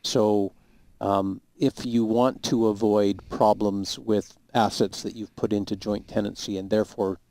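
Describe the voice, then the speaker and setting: A man, a lawyer guest, giving measured, emphatic legal advice on a talk show. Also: fairly low pitch, level tone, mellow. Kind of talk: explaining law on a talk show.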